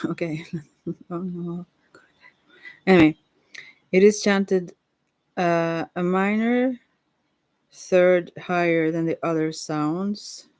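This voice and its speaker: A woman softly reading a text aloud for ASMR, hushed and unhurried, now and then stumbling over words and apologizing. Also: on the low side, no room sound. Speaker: ASMR reader. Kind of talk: soft-spoken ASMR reading.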